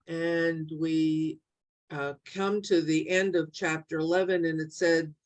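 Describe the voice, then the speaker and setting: Slow, halting woman teaching a Bible class. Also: lowish voice. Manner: slow, halting, many fillers and restarts. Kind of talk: online Bible study lesson. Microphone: video call.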